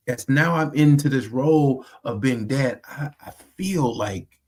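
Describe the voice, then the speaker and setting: A man's voice: medium pitch, lively intonation, measured pace. A man from the United States hosting a faith podcast, talking in an earnest, emphatic, preacherly way. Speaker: host.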